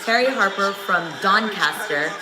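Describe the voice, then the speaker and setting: A woman's voice: medium pitch, animated, a little slow, a crowd in the background. A woman hosting a casual boxing watch-along livestream, talking in a rambling, profane, chatty way with many restarts. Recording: echoey room with loud background noise.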